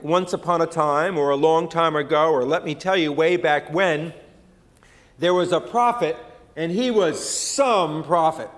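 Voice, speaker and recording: A man's voice: fairly high pitch, a little slow, long reverb tail. A man preaching a sermon in a folksy, conversational storytelling way, with many fillers and restarts. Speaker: pastor.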